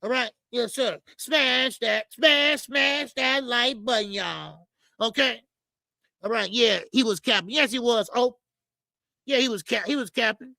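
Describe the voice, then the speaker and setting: Gravelly, bright-voiced boxing stream host. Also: male voice, extremely high pitch, no echo. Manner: animated, profane, repeats phrases. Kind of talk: live-stream boxing talk rant.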